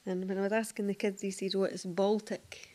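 A woman with a Stirling Scottish accent, reminiscing in a relaxed group chat with light laughter. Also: medium pitch, brisk. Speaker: interviewee.

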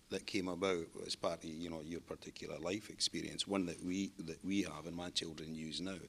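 A man's voice: low-pitched, pushed and bright. A man, thoughtfully recalling words his family used at home. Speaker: reminiscence group member. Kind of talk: casual storytelling.

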